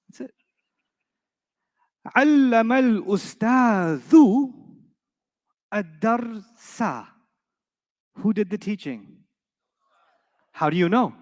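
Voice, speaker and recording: A middle-aged man with a high voice teaches a live class. He is playful, keeps throwing questions at the students and often answers them himself. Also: very animated, measured pace, pauses often, in a large hall. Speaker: Arabic teacher.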